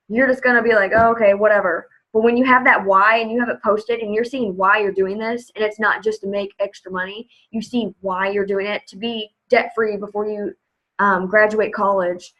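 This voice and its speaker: A woman's voice: medium pitch, a bit bright, dull audio. A young woman leading her team on a video call, upbeat and chatty, full of "like" and "you know". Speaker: team leader. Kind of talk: motivational video call talk.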